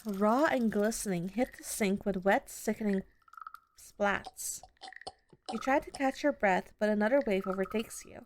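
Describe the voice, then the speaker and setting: A woman streamer reading horror game text aloud, slow and dramatic with long pauses. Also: medium pitch, a little hiss or hum. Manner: reads slowly with drawn-out pauses, then shouts angrily at the character.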